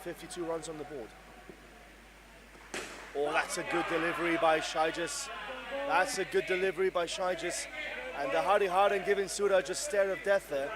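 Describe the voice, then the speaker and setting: Male commentator for a live indoor cricket match; high, excitable, heard over a noisy crowd. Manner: excitable, bursts into shouts at big moments. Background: crowd and venue noise.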